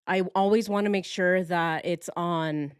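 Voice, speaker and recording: A woman's voice: on the low side, clear, resonant tone, no echo, studio quality. Chatty woman hosting a live stream. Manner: chatty and animated, quick asides and self-correcting. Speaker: true crime live-stream host. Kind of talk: casual chat to a live audience. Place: at home. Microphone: phone.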